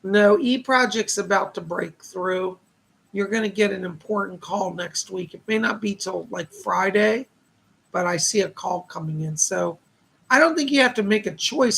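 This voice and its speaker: A man's voice: sits high, vocal fry, fairly bright tone, slightly rough. A man hosting a live stream of psychic readings, chatty and upbeat, reading viewer comments aloud and thanking donors.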